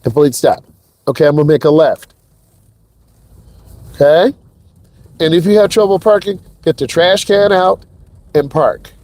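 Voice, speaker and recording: A man's voice: a little high, a little slow, long pauses, a little mellow, dry recording. Hyped man coaching from the driver's seat. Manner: hyped, talks straight to viewers. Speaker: driving instructor. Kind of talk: live driving lesson commentary. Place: inside a car while driving.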